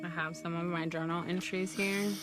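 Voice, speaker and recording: Low-voiced woman telling her story. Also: flat delivery, moderate pace, music in the background. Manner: earnest, vivid storytelling with acted-out quotes. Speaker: documentary interviewee, former personal chef. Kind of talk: documentary interview testimony. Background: clear documentary score.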